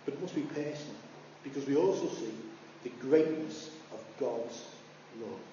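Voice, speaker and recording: Male preacher, mellow high voice, far from the mic in a roomy hall with a dull, lo-fi sound. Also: normal speed, a little hiss or hum. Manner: animated storytelling, rising high when acting out voices. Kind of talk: sermon.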